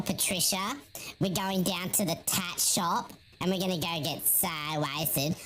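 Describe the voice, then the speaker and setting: A man's voice: sits high, fairly bright tone, slight background noise, rough recording. A man voicing a giddy young woman who gushes about partying, in breathless rambling chatter.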